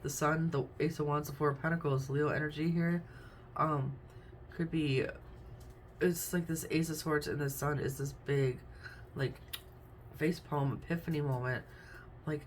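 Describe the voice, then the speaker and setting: A woman's voice: very deep voice, steady tone, moderate pace, slight background noise. A woman doing a casual tarot reading, chatty and thinking aloud as she names each card. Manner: chatty, thinks aloud while naming cards. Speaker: tarot reader.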